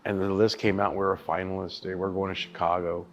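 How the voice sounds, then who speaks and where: Speaking low and flat but fast, a barbecue pitmaster and chef tells his story over dull audio with faint music behind. It's a casual interview, and his emphatic, profane talk keeps calling the listener dude and bro.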